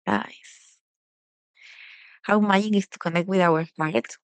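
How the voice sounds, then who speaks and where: A woman yoga teacher speaks softly and gently in a casual self-love talk with guided breathing, full of fillers and restarts. Her voice is medium-pitched and slow with a clean tone; there's no echo, though the audio is poor.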